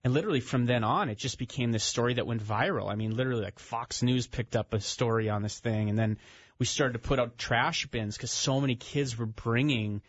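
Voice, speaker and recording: A man's voice: mid-range voice, fairly quick, no echo. A man speaking as a radio studio guest, telling a story in an earnest, conversational way with fillers. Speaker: author and ministry founder, studio guest. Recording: slightly dull, dry radio studio sound.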